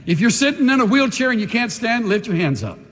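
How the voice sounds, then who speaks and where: A man preaching a sermon as pastor, emphatic, with slow dramatic pauses between phrases. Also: very high voice, big pitch swings, a bit bright. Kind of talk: sermon with altar call. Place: large church sanctuary. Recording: long reverb in a large hall.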